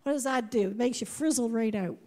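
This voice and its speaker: A woman in her fifties preaching a sermon to a congregation, animated, repeating words and putting questions to the room. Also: on the high side, brisk. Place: church before a congregation. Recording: long hall reverb.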